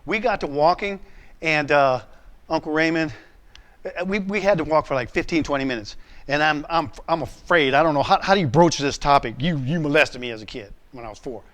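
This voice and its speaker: A man's voice: a little high, brisk, fairly bright tone. A man preaching a sermon, telling a personal story in a candid, conversational way. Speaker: pastor.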